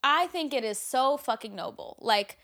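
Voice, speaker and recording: A woman co-hosting a casual chat show, talking in an animated way with lots of fillers and frequent swearing. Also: sits high, moderate pace. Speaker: podcast co-host.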